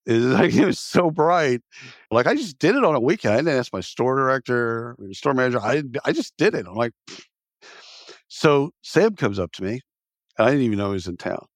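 In a dry recording, a man in his fifties shares stories as a guest on a casual interview podcast, talking fairly quickly in a mid-range voice. He's animated and salty, bluntly voicing what others said as he goes.

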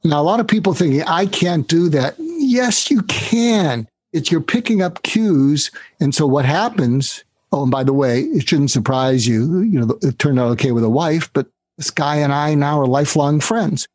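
An older man with a husky, slightly rough voice tells his story in lively bursts and briefly acts out the people in it. The recording is dry and close, with no room sound. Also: fairly high pitch, normal speed, few pauses, no echo. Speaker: guest, author. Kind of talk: storytelling interview answer.

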